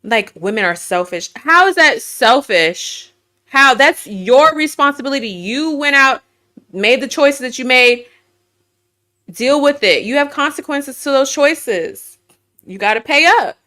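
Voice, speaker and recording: A woman's voice: sits high, lively intonation, a little slow, sharp tone. A woman hosting an opinion commentary to camera, emphatic and sassy, firing off rhetorical questions. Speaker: host. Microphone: webcam while screen sharing.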